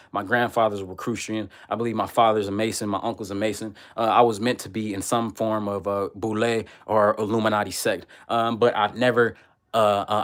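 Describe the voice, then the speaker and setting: Profane Texan man ranting on a livestream. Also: medium pitch. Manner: heated, loud and profane when angry, repetitive insults. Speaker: livestream host reading comments.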